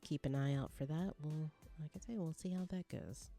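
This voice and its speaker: A woman with a dark, mellow tone chats easily as a podcast co-host. She talks in a relaxed way, with frequent fillers and short reactions. Soft music sits in the background. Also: deep voice, normal speed. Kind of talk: casual news chat.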